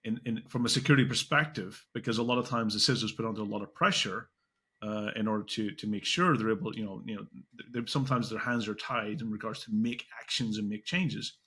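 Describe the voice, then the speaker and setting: A man hosting a podcast interview, talking in quick, halting bursts with frequent restarts. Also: lowish voice, a bit bright, husky. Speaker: podcast host.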